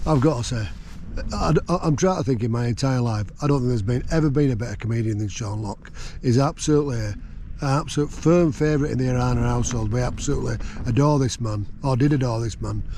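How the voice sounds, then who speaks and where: A man's voice: mid-range voice, quick pace, warm tone, slight background noise. A man chatting casually from his tent while wild camping, rambling with lots of fillers. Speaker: vlogger. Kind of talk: casual outdoor chat. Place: tent on a windy hill.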